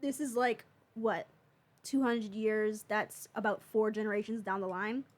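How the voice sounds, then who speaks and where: A woman's voice: medium pitch, steady tone, measured pace. A woman co-hosting a casual podcast, rambling through questions and swearing freely. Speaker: podcast co-host.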